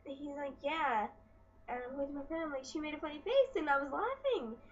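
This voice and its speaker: Chatty teen girl, high voice, lo-fi. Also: fast, slight background noise. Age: teens. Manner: chatty, exasperated, animated retelling. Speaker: vlogger. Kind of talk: casual storytelling vlog. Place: at home.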